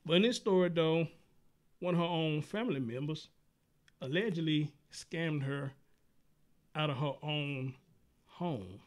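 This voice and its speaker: A man's voice: fairly high pitch, measured pace, long pauses. A man hosting a talk show, telling stories in a loose, casual way, swearing freely and calling listeners dude and brother. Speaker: show host.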